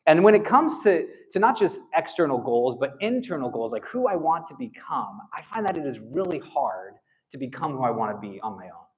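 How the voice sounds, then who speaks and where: A man preaching a sermon in a conversational, animated way, with frequent asides to the congregation. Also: a little high, fairly quick. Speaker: pastor.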